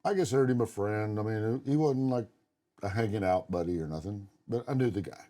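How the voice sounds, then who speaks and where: In casual podcast conversation, this middle-aged co-host speaks fairly quickly in a lowish, warm voice. He's blunt, spins long personal stories and swears without restraint.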